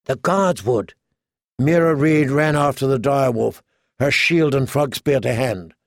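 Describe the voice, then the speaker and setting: A man narrates an audiobook, telling the story in an even, measured way. His voice is mid-range, and the recording is clean studio sound with no room noise.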